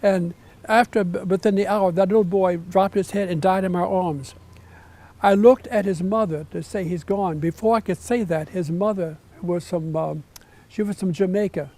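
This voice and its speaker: An older man with a high yet mellow voice tells a story in a gentle, unhurried way, pausing and hesitating often. He speaks as a retired bishop recalling a memory. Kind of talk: reflective storytelling.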